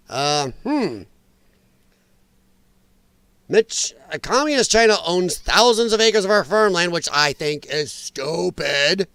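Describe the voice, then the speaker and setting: A man's voice: high voice, a bit bright, smooth, no room sound. A man hosting a political commentary livestream, ranting with strong opinions and reacting to viewer chat. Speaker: host.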